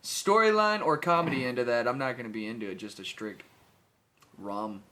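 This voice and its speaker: A man's voice: mid-range voice, brisk. A man co-hosting a casual podcast, telling stories with free swearing and lots of laughter. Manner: lively storyteller, swears freely, laughs a lot. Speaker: podcast co-host. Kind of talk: casual chat.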